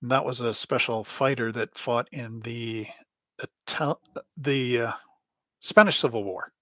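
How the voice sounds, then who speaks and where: A man's voice: medium pitch, measured pace, pushed and bright, dry recording. Rambling man, dry sound. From Canada. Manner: rambling, anecdotal, chuckles often. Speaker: host. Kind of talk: casual live stream chat. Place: home hobby room.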